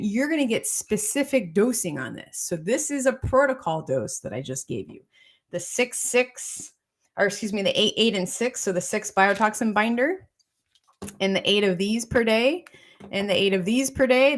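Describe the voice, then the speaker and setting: A woman doctor with a medium-pitched, animated voice gives a casual health talk at a moderate pace. She repeats her points and keeps checking in with listeners using "okay?" and "right?"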